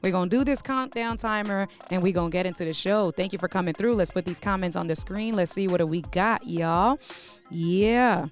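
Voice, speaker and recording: A woman's voice: on the low side, normal speed, soft background music. Chatty New woman hosting a stream. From New York. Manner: lively, chatty, addresses viewers as y'all. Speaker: host. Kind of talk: casual live stream chat.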